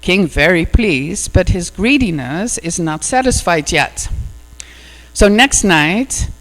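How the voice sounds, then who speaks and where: A woman's voice: on the low side, lively intonation, slow pace, a bit bright. A woman minister giving a sermon and retelling a fairy tale in a conversational storytelling way, full of "you know" asides. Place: church hall. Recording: echoey hall with mains hum.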